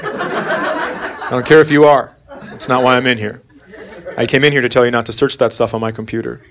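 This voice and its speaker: A middle-aged man telling a stand-up comedy story in a deadpan way, acting out his son's lines. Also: medium pitch, moderate pace, background noise.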